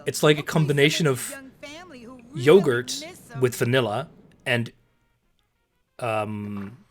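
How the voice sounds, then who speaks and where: A man's voice: medium pitch, takes it slowly, soft background music. A young man from the Netherlands, rambling casually while streaming a game. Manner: rambling, chatty, many fillers and restarts. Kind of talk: casual live-stream gaming chat. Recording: faint game ambience behind.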